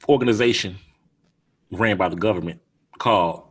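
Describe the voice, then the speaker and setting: A man, co-hosting a podcast in animated, laughing casual chat. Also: fairly low pitch, moderate pace, husky. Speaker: podcast co-host.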